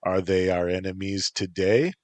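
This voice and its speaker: A man's voice: deep voice, steady tone, normal speed, darkish tone, no echo, lightly acted. A man voicing a wary young man hired as a driver, speaking plainly and full of questions.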